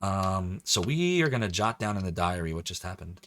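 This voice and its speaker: A man's voice: sits low, sing-song, normal speed, a bit bright, slight background noise. A male game streamer chatting casually with his viewers as he plays, rambling and laughing often. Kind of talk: casual live-stream commentary.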